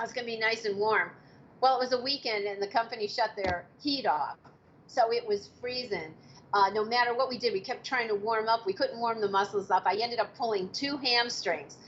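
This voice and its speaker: Woman in her fifties, animated storyteller, slightly high voice, dull audio with faint hiss. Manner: animated, acts out quotes with sudden high exclamations. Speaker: martial arts actress telling set stories. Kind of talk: casual storytelling interview.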